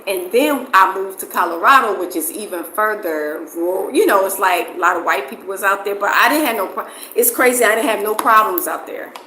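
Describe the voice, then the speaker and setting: A middle-aged woman with a New Jersey accent blended with Southern US speech talks in a bright, forceful voice. Her speech rambles, looping back on itself with "like" fillers and repeats as she answers questions in casual conversation. The room echoes around her, and faint noise sits under the recording. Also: medium pitch. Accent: New Jersey mixed with Southern US. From New Jersey, USA. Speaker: interviewee. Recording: roomy echo with faint background noise.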